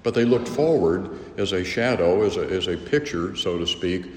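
A man teaching a theology lecture in a measured, earnest way, often restarting his phrases. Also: sits low, lively intonation, darkish tone. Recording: echoey hall, faint room noise.

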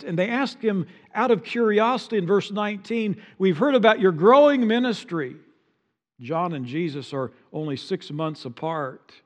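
A male pastor delivering a sermon in a fairly high voice. He swings into dramatic, drawn-out emphasis when quoting, and his voice carries a long reverb like a large sanctuary. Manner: dramatic, rises loud and slow for quoted lines.

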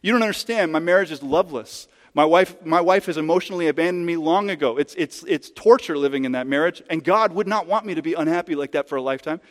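A whiny, self-justifying man caught in wrongdoing pleads his case, as a pastor puts him on mid-sermon. The voice is pushed high above normal speech, and it echoes with a long church-hall reverb. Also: fast, few pauses, natural voice. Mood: defensive. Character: adult man caught in sin, defensive and pleading.

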